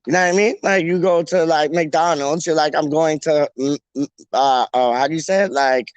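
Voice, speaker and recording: Young guy hosting a fan stream, rambling and jokey, voice on the high side, dry close mic. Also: fairly even intonation, normal speed, clear, resonant tone, no room sound. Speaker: fan channel host. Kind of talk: casual solo live-stream chat.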